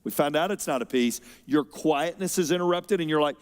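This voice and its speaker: A man preaching a sermon as pastor, expressive, moving between loud emphasis and quiet, unhurried stretches. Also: on the high side, clear, resonant tone. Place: church auditorium. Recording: long hall reverb.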